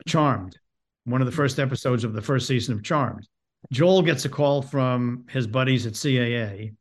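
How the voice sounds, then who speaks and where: A man who hosts and directs, telling an anecdote in a halting, self-deprecating way and often repeating words. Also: mid-range voice. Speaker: host and TV director.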